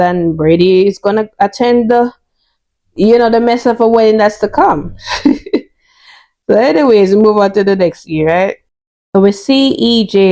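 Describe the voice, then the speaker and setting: A woman's voice: fairly low pitch, warm tone, muffled recording. A woman in her thirties chatting through a casual soap opera episode recap, opinionated and full of "you know" and "right?". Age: 30s.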